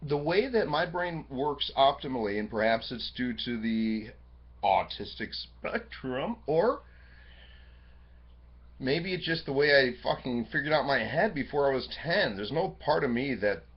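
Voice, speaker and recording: A man in a rambling webcam confessional, cursing freely as his voice leaps from excited highs to hushed lows. His delivery is animated and restless, wandering from one thought to the next. The audio is dull and lo-fi, the way a cheap webcam microphone captures it. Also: unhurried, slightly rough. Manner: rambling and profane, jumping from excited high bursts to low quiet musing. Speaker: vlogger. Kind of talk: rambling personal webcam monologue.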